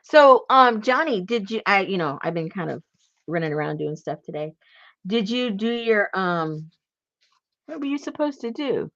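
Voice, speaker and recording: A woman's voice: medium pitch, big pitch swings, moderate pace, a bit bright, no room sound, muffled recording. A woman hosting a casual crafting chat, rambling and laughing easily as she works. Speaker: crafting channel host.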